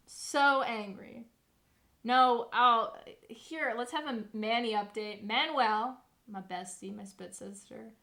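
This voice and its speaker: Bright, profane young woman streamer. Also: a little high. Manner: profane, animated storytelling. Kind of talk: casual livestream chat.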